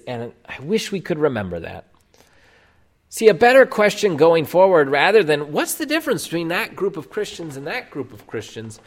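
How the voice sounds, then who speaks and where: A man preaching a sermon as a Lutheran pastor, explaining doctrine emphatically and posing rhetorical questions to the congregation. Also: a little high.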